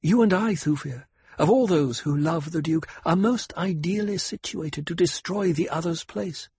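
An icy, sharp-tongued noblewoman, as a male reader puts her on, talking down with a raised, airy pitch. Her words come measured and calm, lecturing and probing. The voice is very breathy, recorded close and dry in an audiobook. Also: no room sound. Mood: cold, probing. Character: cool, cutting noblewoman, a duke's consort. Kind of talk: audiobook character voice.

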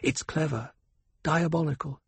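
A man voicing a cool, cutting noblewoman who lectures in a measured, calm way, with a breathy tone. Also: fairly high pitch, no echo, pitched above the performer's own voice, full character voice. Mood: cold, probing. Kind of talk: audiobook character voice.

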